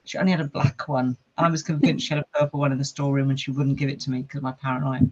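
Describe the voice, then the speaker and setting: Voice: mid-range voice, flat delivery, rapid-fire, husky. Earnest personal storytelling, repetitive lists, podcast guest, dull lo-fi recording.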